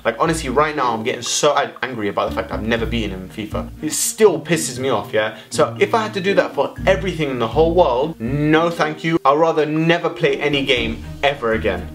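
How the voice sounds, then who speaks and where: A man's voice: medium pitch, animated, a little fast, few pauses, soft background music. A young man, ranting animatedly to camera in a casual vlog, full of swearing and exaggeration. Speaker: vlogger.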